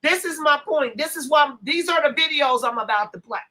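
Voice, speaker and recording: Bright-voiced woman hosting a rambling livestream. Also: sits high, animated, a little fast, rough recording. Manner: loose, rambling, talks to chat while setting up. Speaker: livestream host. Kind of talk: casual livestream chat.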